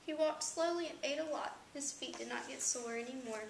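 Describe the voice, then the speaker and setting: A woman's voice: sits high, fairly quick, gravelly, reverberant, slight background noise, low-quality recording. A woman reading a children's picture book aloud with sing-song storytelling emphasis.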